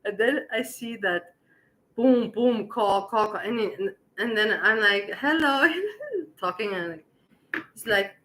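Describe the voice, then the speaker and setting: Bright-voiced woman telling a wild story. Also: mid-range voice, takes it slowly, low-quality recording. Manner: animated, laughing, acts out quoted dialogue. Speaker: vlogger telling a personal story. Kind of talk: casual storytelling.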